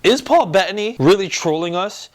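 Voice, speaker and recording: A young man hosts a casual review vlog in a voice pitched a little high for a man. He talks in an excitable, animated way and acts out lines as he goes. The tone is loose and chatty. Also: moderate pace. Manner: animated and excitable, acting out quotes. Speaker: host reviewing a TV episode.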